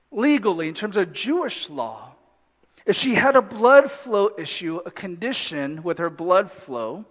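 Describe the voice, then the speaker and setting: A man preaching a sermon in an animated way, with humorous asides and acted-out voices from the story. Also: high voice. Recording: long hall reverb.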